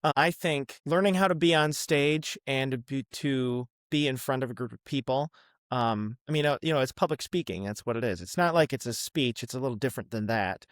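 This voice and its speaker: A man's voice: medium pitch, fairly quick, dry recording, clean studio sound. Easygoing young man in his twenties. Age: 20s. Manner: friendly, easygoing, many ums and uhs. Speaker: podcast guest, student. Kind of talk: casual interview.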